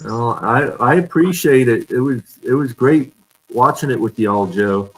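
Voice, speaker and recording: A man's voice: medium pitch, expressive, unhurried, breathy edge, poor audio. A man hosting a casual live-streamed fan chat, telling stories and laughing often over a video call. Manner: chatty storyteller, laughs often. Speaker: fan show host.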